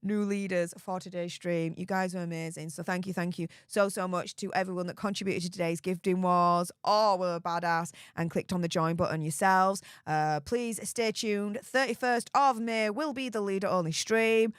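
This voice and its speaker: A young English woman hosting a live stream, rambling in a chatty, excitable way with plenty of fillers and mild cursing. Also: lowish voice, moderate pace, few pauses, clear, resonant tone, no room sound, clean studio sound. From Yorkshire, England. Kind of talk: casual live stream chat.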